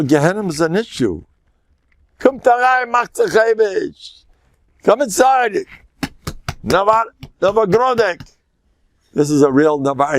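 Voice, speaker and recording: A man's voice: fairly high pitch, creaky, darkish tone, dry recording. An older man with American English touched by Yiddish phrasing, giving a chatty, joking Torah class that mixes in Yiddish and Hebrew phrases. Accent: American English with Yiddish-inflected phrasing. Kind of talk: informal Torah lecture.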